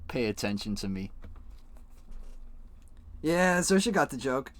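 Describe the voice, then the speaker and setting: A man's voice: mid-range voice, sing-song, measured pace, a bit bright, dry recording. A man live-streaming, chatting casually with his viewers and swearing freely as he talks to chat.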